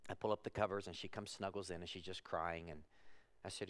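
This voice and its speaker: A man in his forties preaching a sermon in a church, telling personal stories in a conversational way that moves from soft to emphatic. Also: low voice, steady tone, a little fast. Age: 40s. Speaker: pastor. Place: church sanctuary.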